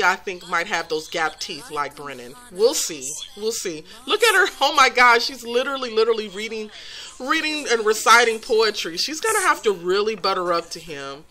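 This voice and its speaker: A woman with a medium-pitched, sharp-toned voice hosts a let's play of a life-simulation game. She narrates the story as casual commentary, gossipy and giggly, packed with filler words.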